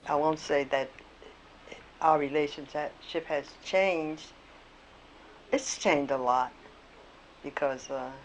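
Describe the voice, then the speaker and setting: A woman in her eighties speaking slowly and haltingly about her husband in a documentary interview. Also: low voice, muffled recording. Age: 80s. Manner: slow and halting, with pauses. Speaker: wife and caregiver. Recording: noisy with traffic behind.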